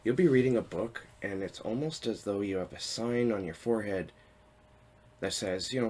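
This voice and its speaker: A man's voice: on the low side, normal speed, a little mellow, a little hiss or hum. A man in his thirties chatting casually to camera about his reading habits, rambling and correcting himself with small chuckles. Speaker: book vlogger. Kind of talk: casual talking-head vlog.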